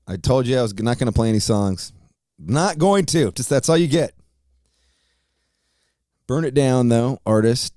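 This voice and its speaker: A man's voice: lowish voice, dark tone, no room sound, clean studio sound. A man hosting his own podcast, talking casually and rambling, swearing often. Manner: profane, rambling, laid-back. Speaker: podcast host.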